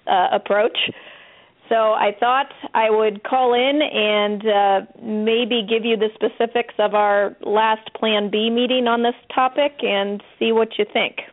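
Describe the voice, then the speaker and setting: Mother calling in over a tinny line. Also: fairly high pitch. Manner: detailed, recounts from notes, earnest. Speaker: caller, mother. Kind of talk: phone call to an advice show.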